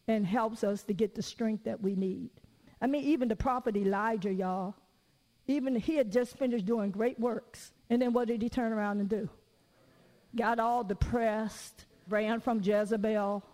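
High-voiced woman preaching in reverberant hall. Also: a little mellow. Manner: conversational, folksy, acts out quotes. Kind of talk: sermon. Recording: long reverb of a large hall.

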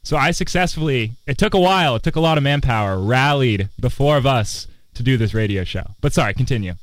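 A man's voice: medium pitch, animated, a little fast, dry recording. A young man in his twenties, a student co-hosting a campus radio show, chatting playfully and rambling with laughs. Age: 20s. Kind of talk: casual chat. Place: outdoors on a quad.

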